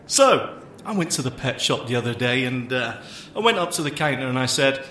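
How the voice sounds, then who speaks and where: A man's voice: mid-range voice, sing-song, normal speed, bright, forceful tone. A man co-hosting a podcast, trading dry teasing banter and giggling at the jokes. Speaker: podcast co-host. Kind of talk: playful comedy banter. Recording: roomy sound with faint noise.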